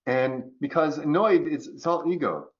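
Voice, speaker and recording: A man's voice: fairly high pitch, normal speed. Reflective man with dull-sounding audio. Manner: animated, acts out quoted voices. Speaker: guest. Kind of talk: conversational coaching talk.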